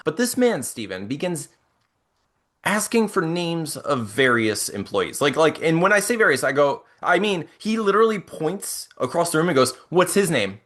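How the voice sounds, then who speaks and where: A young man co-hosting a casual chat, telling a long story in an animated, rambling way and acting out the people in it. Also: on the high side, normal speed. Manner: animated, rambling, acts out quotes. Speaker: podcast co-host.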